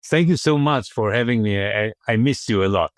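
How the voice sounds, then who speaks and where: A man's voice: lowish voice, moderate pace, no echo, clean studio sound. A man speaking as a guest on a podcast interview, thoughtful and conversational with frequent fillers.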